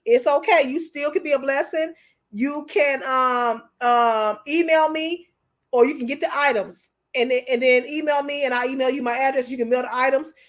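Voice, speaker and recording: High-voiced woman hosting a livestream. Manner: emotional, candid, talks straight to viewers. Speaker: YouTube show host. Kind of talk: casual commentary livestream.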